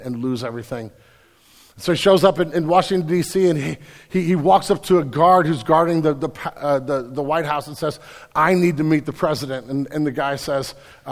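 A man preaching a sermon, talking in a casual, storytelling way and rising to forceful emphasis. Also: on the high side. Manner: conversational preaching with anecdotes, builds to forceful emphasis. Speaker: pastor. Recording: long reverb of a large hall.

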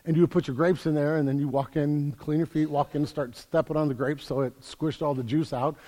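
A high-voiced man preaches with energy, doubling back on his words as he drives each point home. His voice carries a long reverb, as if filling a large church sanctuary. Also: a little fast. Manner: energetic, repeats words while building emphasis. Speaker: pastor. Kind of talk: sermon.

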